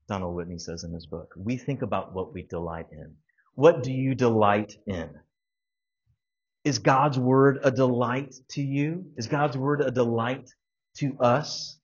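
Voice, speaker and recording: Male Bible study leader, unhurried and husky, earnest teaching with gentle questions, dull lo-fi recording. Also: medium pitch. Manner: slow, earnest, asks the group questions, lightly joking.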